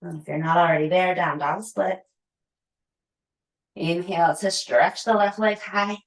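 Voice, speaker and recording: Woman calmly cueing a yoga class, echoey room. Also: fairly low pitch, unhurried. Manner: steady breath cues with chatty, laughing asides. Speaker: yoga instructor.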